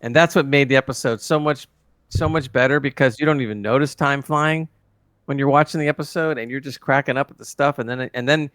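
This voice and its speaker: A man co-hosting a TV review chat, animated and acting out scenes in quoted voices. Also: medium pitch, fairly quick, no echo. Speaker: co-host reviewing a TV episode. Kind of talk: casual chat.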